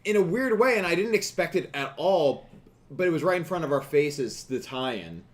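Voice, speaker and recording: A man's voice: on the high side, big pitch swings, moderate pace. A man cohosting a podcast, musing in a hesitant, laid-back way with frequent fillers. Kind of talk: casual podcast discussion.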